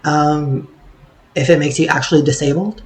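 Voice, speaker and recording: A man's voice: fairly high pitch, fairly even intonation, measured pace, low-quality recording. A man talking in a casual vlog monologue, sarcastic and swearing freely, rambling with plenty of fillers. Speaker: vlogger.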